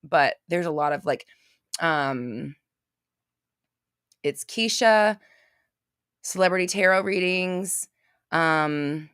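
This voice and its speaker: A woman's voice: lowish voice, slow, long pauses, fairly bright tone, clean tone, no room sound, studio quality. A young adult woman hosting a casual live-stream chat, talking bluntly and swearing freely as she rants. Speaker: podcast host.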